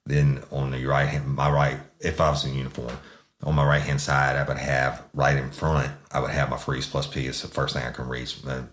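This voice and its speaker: A man's voice: rumbling low, completely flat delivery, normal speed, fairly bright tone. A middle-aged man, a former police sergeant, recounting a case in a profane, laid-back way.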